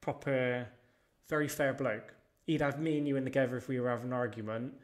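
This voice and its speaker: Appearing as a podcast guest, a man retells personal stories loosely and casually, in the manner of a relaxed storytelling chat. He's blunt, swears freely, and shifts his telling in lively ways. His pitch is an ordinary middle range for a man, and he talks fairly quickly.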